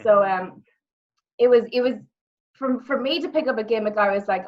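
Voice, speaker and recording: A young woman with a Dublin Irish accent, a guest telling lively stories in a casual interview. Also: fairly high pitch, moderate pace. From Ireland. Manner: animated storytelling, repeats words, acts out quotes. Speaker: interview guest, former wrestler and actress. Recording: muffled lo-fi audio.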